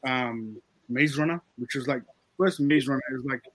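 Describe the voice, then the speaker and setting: A man, a film director and writer, talking casually in an interview and explaining his ideas in a relaxed way. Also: mid-range voice, normal speed, dry recording, rough recording.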